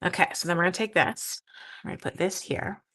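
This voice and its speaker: On a low-quality recording, a woman in her forties hosts a crafting livestream from what sounds like her craft room at home. Her fairly low voice is steady, quick and sharp as she chats enthusiastically and casually with her live viewers.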